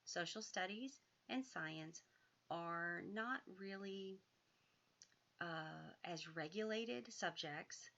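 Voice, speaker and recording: A woman, an author and educator, giving homeschool advice in a measured, thoughtful way, sometimes drawing phrases out. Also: lowish voice, pushed and bright, dull audio.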